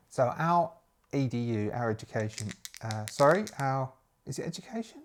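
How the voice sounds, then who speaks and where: A man narrates a solo horror adventure from a gamebook. He reads each entry aloud and works out his rolls and choices in casual asides. His pitch rises and falls a lot as he reads. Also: expressive, normal speed. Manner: reads the story, then thinks aloud with asides. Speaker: solo game player and narrator.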